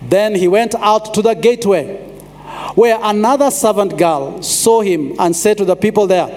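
Man, pastor preaching, high voice, repeats phrases, long hall reverb. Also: normal speed, a little mellow. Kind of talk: sermon.

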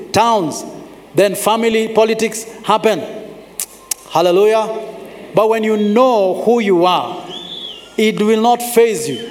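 A man preaching a sermon. He is emphatic, slows down on scripture and calls on the congregation to respond. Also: high voice. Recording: long reverb of a large hall.

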